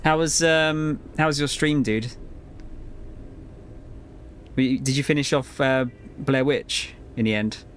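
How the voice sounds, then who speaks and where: A man's voice: medium pitch, takes it slowly, long pauses, a little hiss or hum. Laid-back man rambling on stream. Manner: rambling, laid-back, swears and laughs often. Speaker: game streamer. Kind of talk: casual live-stream chat while gaming.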